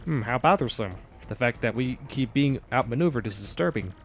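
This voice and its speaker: A man's voice: mid-range voice, fairly quick, slight background noise, lightly acted. A man voicing a fawning, fussy older witch sidekick in a game playthrough. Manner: flattering, fussy.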